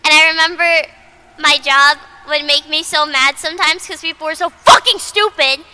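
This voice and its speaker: A woman's voice: high voice, steady tone, moderate pace, background noise. A woman VTuber in casual livestream chat who rambles, repeats herself, swears freely and mocks herself bluntly. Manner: blunt and self-mocking. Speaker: VTuber streamer.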